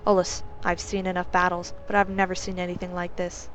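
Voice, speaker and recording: A woman voicing a stern, probing male guard captain who asks measured questions. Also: on the low side, monotone, slight background noise, lightly acted, poor audio. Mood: grave.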